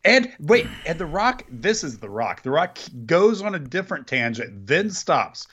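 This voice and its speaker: A middle-aged man co-hosting a relaxed podcast, jumping in with eager asides. His voice rises and falls a lot as he talks. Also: on the high side, measured pace, breathy edge. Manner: chimes in with enthusiastic asides. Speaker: podcast co-host. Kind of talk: casual wrestling podcast chat.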